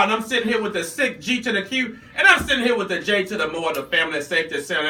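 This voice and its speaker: A man's voice: sits high, fast, few pauses, bright, forceful tone, far from the mic. A man co-hosting a radio talk show, opening with a hyped, playful rhyming intro and then giving a commentary, recorded off-mic in an echoey studio. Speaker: radio co-host.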